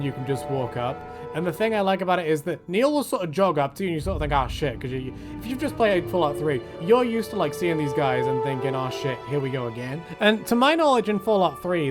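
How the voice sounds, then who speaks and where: A man giving casual, joking game commentary, chatty and swearing freely as he acts out the characters. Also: on the high side. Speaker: gaming video host.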